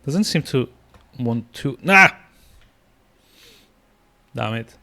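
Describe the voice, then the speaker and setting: A man's voice: on the low side, takes it slowly, vocal fry. A man streaming a video game, rambling with lots of fillers and restarts as he plays. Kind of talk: casual gameplay commentary.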